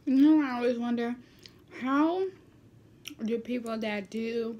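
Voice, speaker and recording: A woman vlogger chatting casually while she eats, sometimes dropping into a soft whisper, recorded on a built-in camera mic. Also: fairly high pitch, unhurried, dull audio. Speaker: mukbang vlogger. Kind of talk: casual chat while eating.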